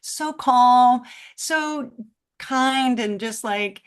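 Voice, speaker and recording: Woman vet guest, chatty and animated, acts out the voices in her stories. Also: a little high, unhurried. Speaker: veterinarian guest. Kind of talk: casual podcast storytelling.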